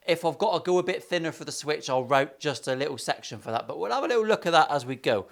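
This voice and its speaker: Crude joking English luthier. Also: male voice, on the high side, animated, fast, creaky. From England. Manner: crude, swearing, joking asides. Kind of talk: workshop vlog banter. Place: guitar workshop.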